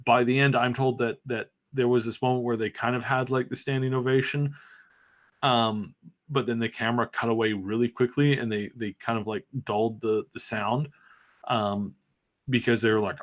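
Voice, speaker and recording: A man's voice: mid-range voice, fairly even intonation, normal speed. A man in the middle of his range holds forth on a casual podcast. He rambles and restarts often, piling up fillers as he goes. His talk is loose, heated and unscripted. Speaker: podcast host.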